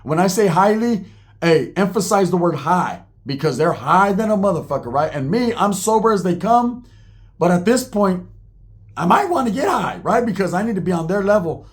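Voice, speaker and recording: A man's voice: high voice, big pitch swings, moderate pace. A man telling a wild personal story in casual, profane, slang-filled talk, acting out the people he quotes.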